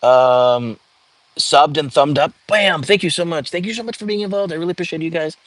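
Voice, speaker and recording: Reading viewer comments out loud and casually chatting in reply, this young man hosts a laid-back livestream at home. His voice is on the high side and brisk.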